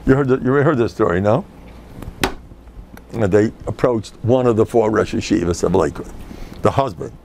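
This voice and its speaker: A man's voice: fairly low pitch, normal speed, creaky, long pauses, noisy background. An older man, a rabbi giving a lecture to a live audience, who jokes and tells stories and acts out the people in them. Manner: joking, storytelling, acts out quoted people.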